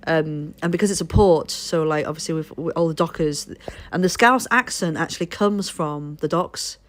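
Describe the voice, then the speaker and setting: A woman's voice: low-pitched, normal speed. A woman from Liverpool live streaming, telling a rambling story in casual chat, swearing freely and breaking off to thank followers. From Liverpool, England.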